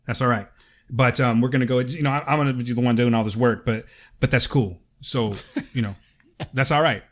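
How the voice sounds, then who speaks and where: A man co-hosting a casual podcast chat, rambling and swearing freely, quick to laugh. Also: mid-range voice, fairly even intonation. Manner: profane, laughs easily, rambling. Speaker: podcast co-host.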